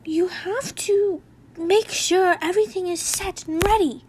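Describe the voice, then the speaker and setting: A woman's voice: very high-pitched, unhurried, a little mellow, voice pushed up, poor audio. A woman reading a fanfiction aloud and voicing Ted, an eager young boy waking his father.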